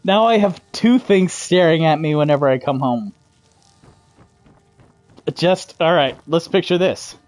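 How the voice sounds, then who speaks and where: A man's voice: fairly high pitch, measured pace, long pauses, a little mellow, no room sound, soft background music. A man giving casual, rambling commentary while playing a video game, cursing and laughing as he reacts. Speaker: gamer streamer. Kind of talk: casual gameplay commentary to his mother.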